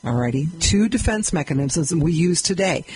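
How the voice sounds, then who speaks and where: A woman who is a guest on a radio interview, explaining her ideas in an animated way and acting out little scenes as she goes. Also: sits low, normal speed, background noise. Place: radio studio.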